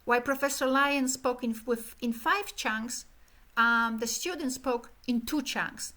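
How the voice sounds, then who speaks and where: A middle-aged woman giving an animated academic keynote lecture, illustrating speech rhythm with sung syllables. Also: a little high, a little slow. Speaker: keynote speaker.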